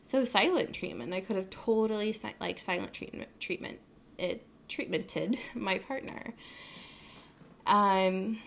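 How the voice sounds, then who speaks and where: A woman's voice: medium pitch, expressive, a little slow, gravelly, fairly bright tone. A young adult woman hosting her own podcast, talking casually in a rambling way, full of fillers and self-corrections. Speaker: podcast host. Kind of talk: casual solo podcast talk.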